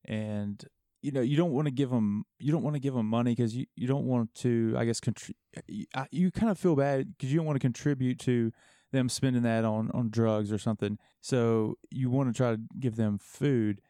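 A man's voice: mid-range voice, normal speed, dark tone, no room sound, clean studio sound. A man in casual talk-show chat, speaking hesitantly as he thinks aloud.

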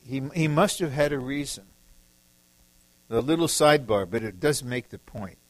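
A man's voice: mid-range voice, expressive, normal speed, dry recording, low-quality recording. A man from the Detroit area preaching a sermon, emphatic and repetitive, acting out short quoted lines. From Detroit area, USA.

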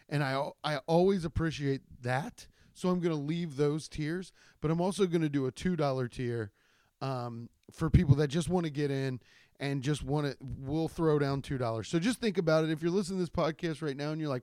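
A young man hosting his own podcast, telling rambling, profane stories with jumpy, animated energy. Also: a little high, moderate pace, smooth, no room sound, clean studio sound. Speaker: podcast host. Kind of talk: casual solo podcast monologue.

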